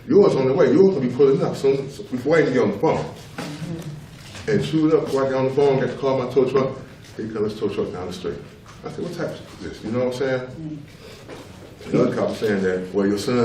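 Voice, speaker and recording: A man's voice: mid-range voice, dark tone. A middle-aged man giving spoken testimony at a public tribunal as a father, talking emphatically and repeating himself to press each point. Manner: emphatic, repetitive, keeps asking "you know what I'm saying". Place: public hearing room. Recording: roomy hall, mic far off, faint noise.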